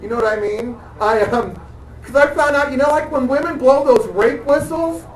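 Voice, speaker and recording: A man doing dark stand-up comedy on a club stage, halting and hesitant, full of fillers and restarts, chuckling at his own jokes. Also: extremely high pitch. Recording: echoey room, distant mic, audience noise.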